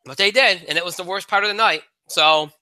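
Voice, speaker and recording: A man's voice: sits high, a little fast, sharp tone, no room sound. A man co-hosting a casual sports podcast, rambling with frequent restarts and a frustrated tone. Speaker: podcast co-host.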